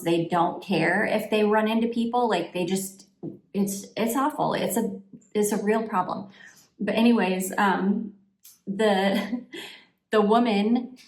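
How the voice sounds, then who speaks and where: A woman in her forties chatting casually as she gets ready, her stories wandering with many fillers and restarts. Her voice sits fairly low for a woman. The room around her is roomy and echoey. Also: gravelly. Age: 40s. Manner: rambling, full of fillers and restarts. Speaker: vlogger. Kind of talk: casual chat while getting ready.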